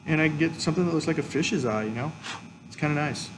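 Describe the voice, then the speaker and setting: A man's voice: on the high side, fast talker, a little hiss or hum, low-quality recording. A man teaching a colored pencil drawing lesson, explaining each step as he works. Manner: explains step by step, frequent "okay". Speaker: art teacher. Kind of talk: drawing tutorial with demonstration.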